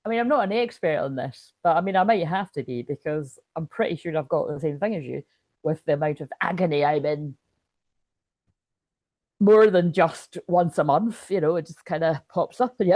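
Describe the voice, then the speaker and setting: A woman's voice: low voice, moderate pace, a little mellow, no echo. A woman hosting a spiritual astrology livestream, rambling and chatty as she reads viewer comments. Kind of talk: casual livestream chat.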